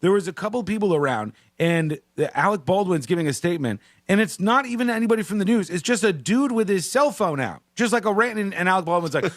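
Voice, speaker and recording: Male radio host, lively, slightly high voice, dry studio sound, laughs a lot. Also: fast talker, few pauses, no room sound. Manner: animated, laughing, does mocking impressions. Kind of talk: casual radio banter. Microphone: studio microphone.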